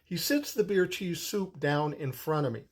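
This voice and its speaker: Man, 60s, husky voice, casual storyteller, profane, rambling. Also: a little high, lively intonation, moderate pace.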